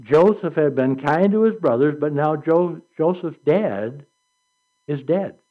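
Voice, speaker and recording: A man preaching a sermon with an animated delivery, reading scripture aloud and acting out quotes. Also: on the high side, a little slow. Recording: dull lo-fi recording.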